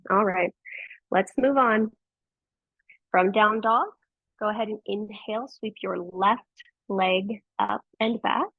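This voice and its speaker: A woman's husky, gravelly voice leads a yoga class with gentle, encouraging cues and plenty of praise. The sound is tinny and narrow, like a phone line, with no room echo. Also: mid-range voice. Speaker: yoga teacher. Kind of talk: guiding a live yoga class.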